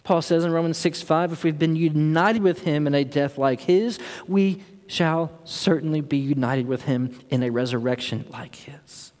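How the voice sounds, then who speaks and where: A man's voice: fairly high pitch, moderate pace, hardly any pauses, darkish tone. Impassioned preacher man in a reverberant hall. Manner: earnest, building to impassioned emphasis. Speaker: pastor. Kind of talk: sermon.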